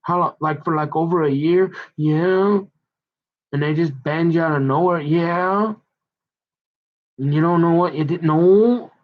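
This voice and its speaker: A man's voice: a little high, a little slow. A man rambling through a monologue, talking to himself in second person with lots of filler. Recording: dull lo-fi recording.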